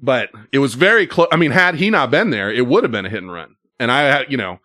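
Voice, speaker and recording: A man's voice: medium pitch, expressive, quick pace, bright, forceful tone, no echo, clean studio sound. A man telling a story casually, with lots of fillers and swearing.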